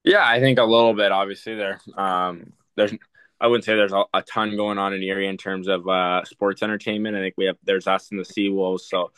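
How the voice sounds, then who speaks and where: A man's voice: low voice, steady tone, brisk, fairly bright tone, clear, resonant tone, no echo. A young man, a hockey prospect, answering interview questions casually, with many fillers and restarts. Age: young adult.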